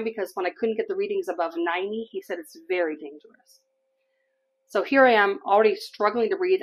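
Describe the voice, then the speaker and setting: A woman's voice: medium pitch, husky, rough recording. A middle-aged woman from Canada, telling a personal story to camera in a candid, chatty way and laughing now and then. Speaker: vlogger.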